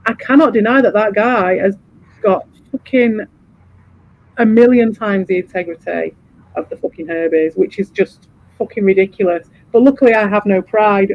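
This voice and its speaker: Male streamer, high voice, sweary rambling chat, muffled lo-fi audio. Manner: swears freely, rambling and animated. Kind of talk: casual chat.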